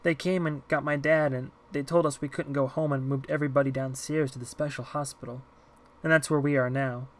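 A man's voice: medium pitch, fairly even intonation, brisk, close to an everyday voice. A man doing a timid little girl. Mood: quiet. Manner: soft and hushed. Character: timid eight-year-old girl, soft-spoken.

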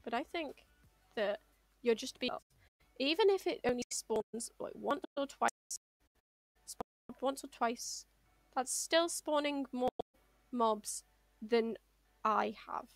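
A woman streams a game in a playful, chatty way, coaxing the creatures on screen. Her voice sits a little high and she talks at an unhurried pace. The mic is close and dry, with faint music underneath. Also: creaky, no room sound. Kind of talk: casual gameplay streaming.

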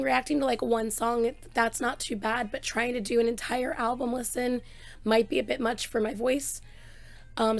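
A woman with a hoarse, strained voice sits at her desk microphone and talks straight to her viewers. She is chatty and excitable, sprinkling in fillers, and her pitch sits a little on the high side. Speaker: reaction channel host. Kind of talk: casual chat to camera.

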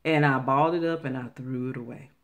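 A woman's voice: extremely low pitch, quick pace. A woman giving earnest, Bible-based relationship advice to her viewers, talking to them directly and repeating phrases for emphasis. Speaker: faith-based relationship vlogger.

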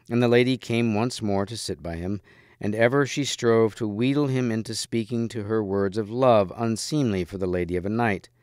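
A man reads a story aloud in a calm, even way. His voice is low and smooth. The recording is close and dry, with no room sound. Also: no echo. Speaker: reader. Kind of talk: storybook read-aloud narration.

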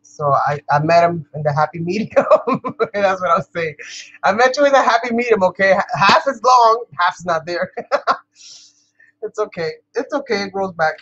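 A woman's voice: mid-range voice, animated, normal speed, a bit bright, muffled recording. Chatty New woman crafting vlogger. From New York. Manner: chatty, laughs often, talks to viewers as "you guys". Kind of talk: casual chat while crafting.

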